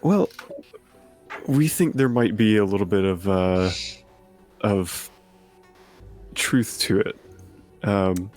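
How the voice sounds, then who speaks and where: A man playing a tabletop game, speaking in character in a polite, halting, careful way. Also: fairly low pitch, a little mellow, soft background music. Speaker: player. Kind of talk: in-character role-play.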